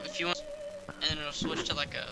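A man's voice: on the high side, wildly swooping pitch, fairly quick, creaky, poor audio. A man hosting a gameplay video, chatting casually and explaining the game's controls to his friends. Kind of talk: casual gaming chat. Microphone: handheld mic. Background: game music and gunfire.

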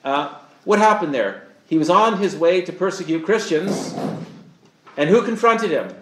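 A man's voice: high voice, expressive, a little slow, noisy background. Earnest preacher man, echoey room. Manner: earnest, asks the audience rhetorical questions. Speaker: pastor. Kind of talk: sermon.

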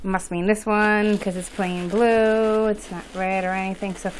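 A woman filming an unboxing vlog, talking in a nervous, excited and gushing way. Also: mid-range voice, unhurried, a little hiss or hum, rough recording. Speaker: vlogger. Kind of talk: unboxing vlog, casual chat.

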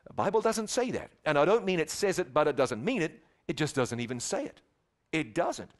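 A male preacher delivers a sermon with a fairly high speaking voice. He talks to the audience in a casual, conversational way, dropping to quiet asides and then rising to emphatic, raised lines. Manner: conversational, swings from soft to emphatic. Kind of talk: evangelistic sermon.

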